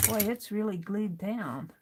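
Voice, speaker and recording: A woman's voice: medium pitch, measured pace, noisy background. An American woman hosting a craft livestream, chatting casually and muttering to herself as she sorts through supplies.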